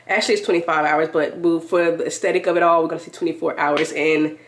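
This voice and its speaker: A woman's voice: lowish voice, brisk, few pauses. A woman vlogging to her camera in a room at home, chatty and upbeat, her voice stuffy from a cold. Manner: chatty, upbeat, talks straight to viewers. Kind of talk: casual vlog chat to camera. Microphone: compact camera mic.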